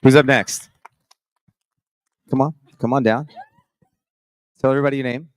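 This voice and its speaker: Energetic man hosting a live stage contest. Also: medium pitch, normal speed, dry recording. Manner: energetic, beatboxing rhythms. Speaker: morning show host. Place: conference stage with audience.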